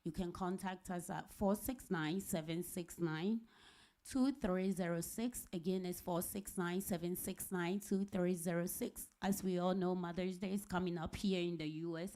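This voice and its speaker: A woman's voice: fairly low pitch, warm tone. A woman from Ghana hosting a live talk show, upbeat and repeating details, often laughing.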